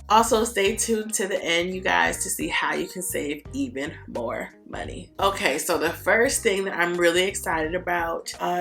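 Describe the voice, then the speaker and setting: A woman with a hoarse voice from being sick, chatting casually to camera as a beauty vlogger and laughing between phrases. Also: low voice, fairly bright tone. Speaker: beauty YouTuber. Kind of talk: casual vlog talk to camera.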